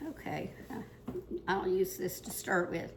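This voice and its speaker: A woman's voice: lowish voice, little pitch movement, a little slow, background noise. An older woman from the Ozarks, rambling through a casual cooking demonstration in her home kitchen while out of breath. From Ozarks, Missouri. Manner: rambling, chatty, many fillers.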